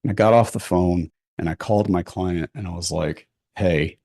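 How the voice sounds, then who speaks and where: A man with a fairly low voice tells candid personal stories as a podcast guest. He talks bluntly and profanely, animated, with a habit of tossing in "right?". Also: a little fast, vocal fry. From Houston, Texas. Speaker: podcast guest, photographer and realtor. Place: podcast studio.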